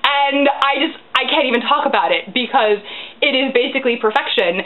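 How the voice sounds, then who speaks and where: A woman casually recapping a TV episode, gushing and animated, sometimes dropping into a whisper. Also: sits high, a little fast. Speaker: recap podcast host. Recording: tinny phone-like audio.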